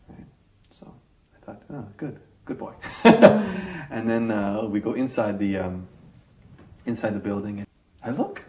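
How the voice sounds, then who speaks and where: A man in an interview telling a personal story in an animated way, acting out scenes and pausing with fillers. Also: on the low side, echoey room, a little hiss or hum.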